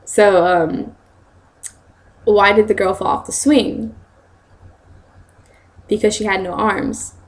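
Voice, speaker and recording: A young woman telling a funny story in a casual vlog, animated and giggly, acting out quotes in bursts of laughter. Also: mid-range voice, slow, pauses often. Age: young adult. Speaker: vlogger, student studying abroad in Japan.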